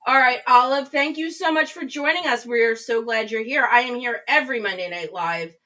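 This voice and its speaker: A woman's voice: on the high side, fairly quick, sharp tone, recorded from a distance, rough recording. A woman hosting a live stream, chatting casually and reading viewer comments aloud. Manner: chatty, reads chat comments aloud, rambling restarts. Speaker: livestream host. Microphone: webcam mic, a little back from screen.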